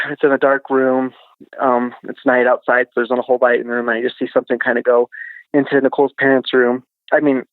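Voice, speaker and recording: A man with a mid-range voice, as a podcast guest, casually tells a story from his childhood, rambling and using lots of fillers. The line sounds tinny like a phone call, with no room sound.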